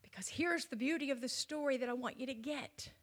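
A woman preaching a sermon, swinging from loud, rising passages to hushed near-whispers. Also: high-pitched, a little fast.

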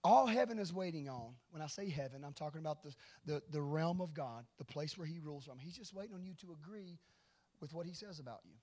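Animated high-voiced male preacher. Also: fast talker. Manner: animated, swings from hushed to loud. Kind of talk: sermon with storytelling.

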